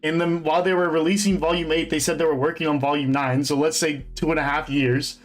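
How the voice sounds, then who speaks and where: A young man with a fairly high voice talks through a show in loose fan commentary. He rambles, stops, restarts and leans on fillers as he goes. Faint music plays under him. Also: flat delivery, fairly quick. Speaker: host.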